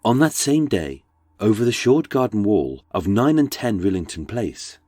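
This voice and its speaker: A man's voice: on the low side, very animated, normal speed, warm tone, breathy edge, no room sound. A man with a British accent, narrating a true-crime podcast in a dramatic, darkly wry storytelling manner. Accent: British English.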